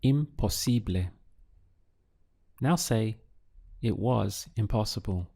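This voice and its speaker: Slow, patient male Spanish tutor. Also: on the low side, animated, creaky, dark tone, breathy edge. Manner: slow, patient drilling with pauses. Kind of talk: slow audio language lesson.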